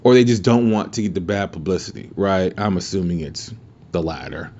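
A lower-voiced man chats through a story as a podcast host, swearing freely and circling back on himself mid-sentence. The recording sounds dull and lo-fi. He talks loosely and never sounds scripted. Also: a little fast, darkish tone, slight background noise. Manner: profane, rambling, lots of restarts. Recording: muffled lo-fi recording.

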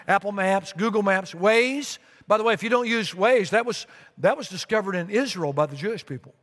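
Animated storytelling pastor in a reverberant church. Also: male voice, high voice, fairly quick. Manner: storytelling, animated, repeats phrases. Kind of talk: sermon. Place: church sanctuary. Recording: long reverb of a large sanctuary.

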